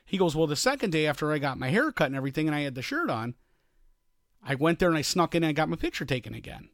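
A man's voice: rapid-fire, no echo, clean studio sound. A man co-hosting a podcast, telling a long anecdote in casual chat and acting out the quoted lines. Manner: animated, acts out quotes with rising pitch. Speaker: podcast co-host.

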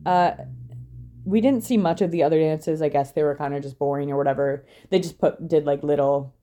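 Chatty young woman with a low, mellow voice. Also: a little fast. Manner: chatty, wry, laughs often. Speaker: podcast co-host. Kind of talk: casual chat recapping a reality show.

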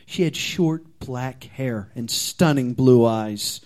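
A man's voice: mid-range voice, slow pace, darkish tone. A man reading his comic fan fiction aloud as a comedy contestant, with dramatic, playful storytelling.

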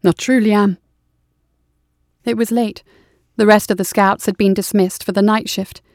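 A woman reading a war story aloud as audiobook narration, in a steady, measured way. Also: mid-range voice, no echo, studio quality.

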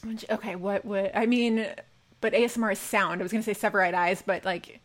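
A woman co-hosting a casual fan chat, gushing and animated, swearing casually. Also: medium pitch, quick pace. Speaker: podcast co-host.

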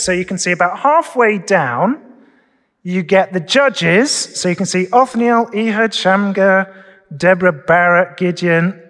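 A man's voice: high voice, fairly bright tone. A man preaching a casual, conversational sermon at Sunday worship, often asking his listeners questions. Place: church during Sunday worship. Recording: long reverb of a church hall.

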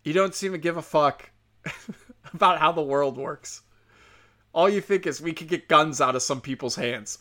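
A man fires off a heated solo rant, sneering and swearing as he scolds the people listening. His voice rides slightly high for a man and has a bright, forceful edge. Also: normal speed. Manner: profane, sarcastic, heated. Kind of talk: ranting monologue.

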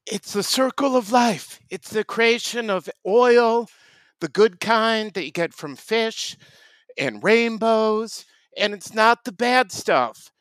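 A man voicing an excitable rambling man who gushes and keeps drifting off topic in an improvised comedy bit. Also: high-pitched, slow, dry recording. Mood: gushing. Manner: breathless gushing, drifting from topic to topic. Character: excitable rambling man, gushing, easily sidetracked.

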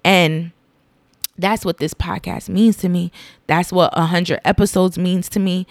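Woman, 30s, podcast host, rambling, emotional, tearful, lowish voice, dry close sound. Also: steady tone, measured pace, dry recording. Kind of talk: casual solo podcast monologue. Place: home.

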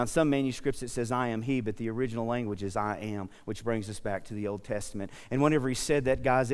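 A man with a darkish, mid-range voice delivers a sermon from a church sanctuary, where the sound carries a long reverb. He mixes humorous, self-deprecating stories with earnest calls to his listeners.

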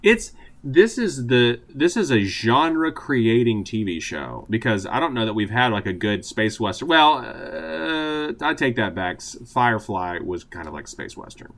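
A man's voice: mid-range voice, very animated, measured pace, vocal fry, a bit bright. A man, co-hosting a podcast in a laid-back, casual way. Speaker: podcast co-host. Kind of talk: casual chat.

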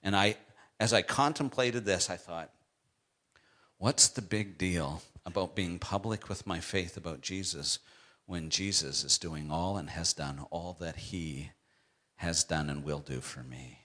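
Low-voiced preaching man. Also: a little slow. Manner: swings from quiet intensity to loud, high-pitched emphasis. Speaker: pastor. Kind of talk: sermon.

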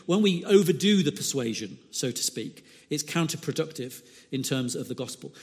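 A man preaching a sermon, telling anecdotes and asking rhetorical questions. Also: fairly high pitch. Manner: animated storytelling with voiced asides and rhetorical questions. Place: church. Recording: long hall reverb.

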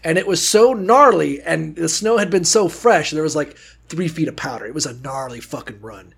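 Male co-host, high, husky, gravelly voice, profane rambling storyteller. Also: moderate pace. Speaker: podcast co-host. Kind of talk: casual comedic chat.

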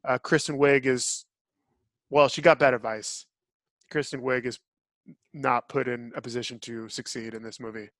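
A man's voice: medium pitch, fairly even intonation, normal speed, long pauses, fairly bright tone, no room sound, clean studio sound. A man hosting a podcast, giving blunt, opinionated reviews in casual chat. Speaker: podcast host.

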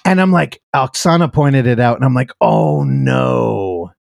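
Chatting loosely about films on his casual podcast, this man laughs often and keeps breaking into his own sentences. His gravelly, medium-pitched voice moves fairly quickly, captured in a dry, clean studio recording.

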